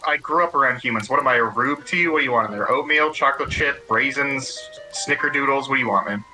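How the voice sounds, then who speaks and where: A man playing a tabletop game in character, pushy and animated with rapid banter. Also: medium pitch, music in the background, poor audio.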